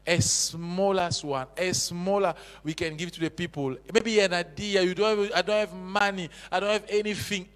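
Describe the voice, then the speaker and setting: A man preaching a sermon, with impassioned swings between loud exhortation and hushed intensity. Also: high voice. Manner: non-native English with broken grammar. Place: church hall. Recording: echoey church hall.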